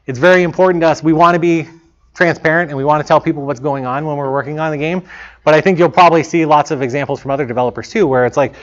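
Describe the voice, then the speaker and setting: A man's voice: on the high side, fairly even intonation, racing. A man in his thirties giving a casual talk to students as a guest speaker, chatty and self-deprecating, laughing often. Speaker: guest speaker, lead programmer. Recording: muffled lo-fi recording.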